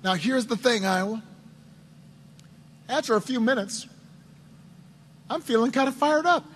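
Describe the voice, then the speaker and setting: A man's voice: very high-pitched, lively intonation, unhurried, noisy background. A middle-aged man giving a campaign rally speech, telling a story in repeated, building phrases. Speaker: political candidate.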